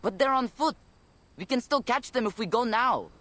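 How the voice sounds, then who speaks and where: A man's voice: very high-pitched, lively intonation, normal speed, bright, forceful tone, pitched above the performer's own voice, exaggerated voice. A man voicing a brash young male cavalry soldier who talks in a cocky, mocking way. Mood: impatient.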